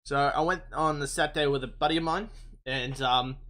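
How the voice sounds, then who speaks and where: Excitable young Australian man rambling. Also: on the high side, normal speed. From Melbourne, Australia. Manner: rambling, excitable, swears and laughs often. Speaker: podcast host. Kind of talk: casual storytelling.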